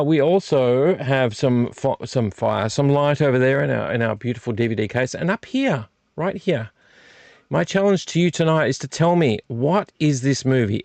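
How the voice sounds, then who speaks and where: A man talks straight to camera from a room at home, rambling playfully and looping back over his own phrases. His voice has a gravelly, fry-tinged edge, and the sound is close and dry with no room echo. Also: medium pitch, a little mellow. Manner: playful, repeats phrases, silly wordplay. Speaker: vlog host. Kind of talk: casual rambling chat to camera. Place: home room with fire on a TV and a heater. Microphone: desk microphone.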